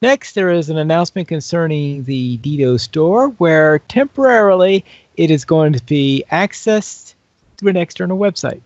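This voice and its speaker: A man's voice: a little high, lively intonation, moderate pace, darkish tone, dry recording, dull audio. A man co-hosting a casual gaming news podcast, making wry, teasing asides. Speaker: podcast co-host.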